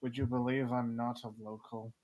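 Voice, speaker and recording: A man playing Arvio, a deadpan wizard. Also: mid-range voice, takes it slowly, poor audio. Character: deadpan male wizard, bored and aloof.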